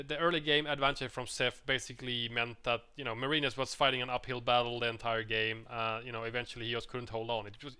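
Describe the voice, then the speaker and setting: A man casting a video game match with a co-host in casual, relaxed commentary, his voice often dropping quietly at the end of phrases. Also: medium pitch, smooth. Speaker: shoutcaster.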